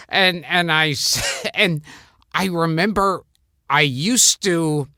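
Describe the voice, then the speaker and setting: A man, hosting and telling a story in a loud, animated, mischievous way. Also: fairly high pitch, slow pace, no room sound, studio quality. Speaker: host. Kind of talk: casual storytelling chat.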